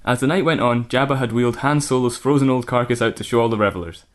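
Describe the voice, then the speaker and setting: A man narrating a crude comedy story aloud in a deadpan manner. His voice sits at an ordinary middle pitch, and the jokes land flat, with him cracking up from time to time. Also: quick pace. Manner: deadpan narration broken by laughter. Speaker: podcast co-host reading a comic fan story.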